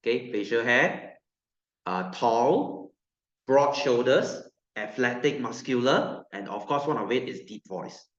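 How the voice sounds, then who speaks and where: An unhurried, expressive male voice in the mid range belongs to a Malaysian-accented science teacher lecturing his class. He mixes in jokes, repeats himself and throws questions at students. The classroom is roomy and the recording dull and lo-fi.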